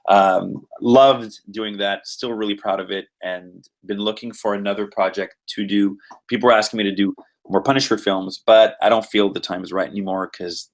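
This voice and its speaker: A man's voice: fairly low pitch, normal speed. A man from Quebec, an actor talking through his roles in a rambling podcast interview full of fillers. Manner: rambling, animated, many fillers. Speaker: voice and motion capture actor.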